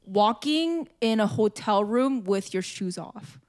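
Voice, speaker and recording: A woman co-hosting a podcast who chats casually and asks quick questions. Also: mid-range voice, expressive, a little mellow. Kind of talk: casual chat.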